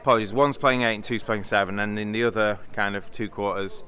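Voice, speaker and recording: A man's voice: fairly low pitch, fairly even intonation, fast talker, pushed and bright. A British man chatting casually in a vlog, rambling and thinking aloud with fillers and restarts. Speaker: vlogger, bridge player.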